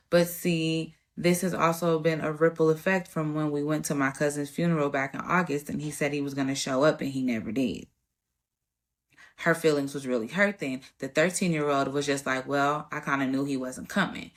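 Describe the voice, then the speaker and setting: Woman in her thirties, podcast host, personal story, candid, colloquial, lowish voice. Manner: casual, colloquial, candid and emotional.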